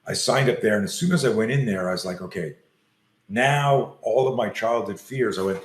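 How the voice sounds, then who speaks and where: A man and self-defense coach telling a story in an interview, animated, acting out the scenes as he goes. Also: on the low side, normal speed, reverberant.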